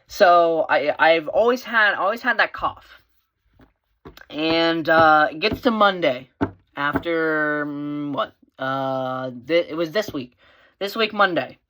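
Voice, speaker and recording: A teenage boy vlogging, telling a personal story in a casual, rambling way with lots of fillers and restarts, his voice lifting when he gets excited. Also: on the high side, takes it slowly. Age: teens. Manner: animated, voice rising when excited.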